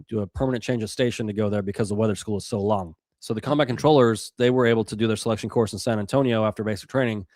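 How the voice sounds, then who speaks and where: A man's voice: lowish voice, no room sound, clean studio sound. A man in his forties from the Rocky Mountains, telling a story in casual chat with lots of fillers and acted-out quotes. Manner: animated, acts out quotes, many fillers and restarts. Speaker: podcast guest, former special operations weatherman.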